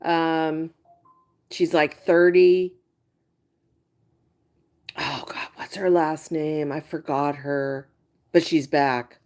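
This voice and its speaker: A woman's voice: deep voice, little pitch movement, slow, a little mellow. A woman hosting a live stream, gossiping casually with her viewers. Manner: chatty, gossiping, exasperated asides. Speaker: livestream host chatting with viewers.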